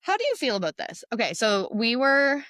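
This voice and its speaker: A woman in her thirties co-hosting a podcast, telling stories in animated casual chat and acting out what others said. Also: on the high side, no room sound. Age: 30s. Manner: fast, animated storytelling with acted-out quotes. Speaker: podcast co-host.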